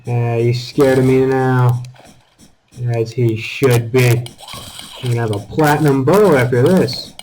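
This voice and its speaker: A man giving casual commentary over his own gameplay, taunting enemies and breaking into high exclamations. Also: measured pace, slight background noise, rough recording. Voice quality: calls his own voice squeaky. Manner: animated, talks to enemies, jumps to high exclamations. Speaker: gaming channel host.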